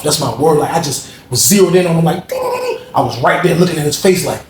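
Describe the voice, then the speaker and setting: A man casually telling a story, animated and acting out the people he quotes in a higher voice. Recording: echoey room with faint noise.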